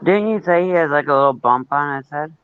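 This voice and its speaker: A man's voice: a little high, animated, fairly quick, clean tone. A man in a casual chat, answering with short, sympathetic reactions. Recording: dry, dull lo-fi recording.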